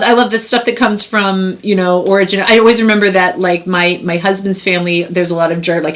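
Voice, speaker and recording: A middle-aged woman co-hosting a podcast in casual chat, chatty and quick to laugh. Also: on the low side, a bit bright. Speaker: podcast co-host.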